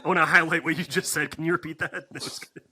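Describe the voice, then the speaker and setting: Man, podcast co-host, crude joking banter, laughs often, very bright tone. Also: on the high side, fairly even intonation, fast talker, slightly rough. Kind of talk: casual banter.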